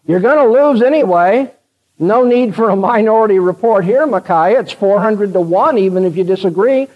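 A pushy male messenger leans on his listener in a high, insistent voice, as a preacher puts him on. He keeps coaxing and pressing, steering toward going along with the crowd. The sound is dull and lo-fi. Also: animated, moderate pace. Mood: coaxing, pressuring. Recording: dull lo-fi recording.

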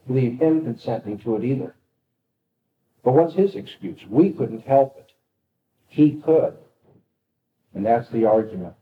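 Male lecturer, mid-pitched, dramatic reader, echoey room, tinny phone-like sound. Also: a little hiss or hum. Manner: dramatic reading with rising intensity. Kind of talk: lecture reading aloud from a novel.

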